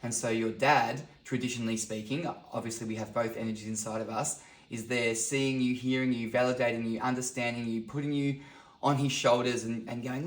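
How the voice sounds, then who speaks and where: A man's voice: medium pitch, little pitch movement, fairly quick. A man in his thirties, a guest talking earnestly in a reflective podcast conversation. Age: 30s. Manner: earnest storytelling, acts out quotes. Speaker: podcast guest, men's coach. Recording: roomy echo.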